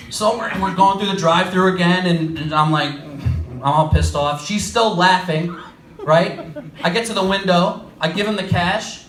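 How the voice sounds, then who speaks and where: A young man with a New York accent works through a stand-up set, his voice set high for a man. He throws himself into the quoted lines with animated energy. The sound comes from off the mic, with the echo of a small comedy club around it. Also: moderate pace, distant mic.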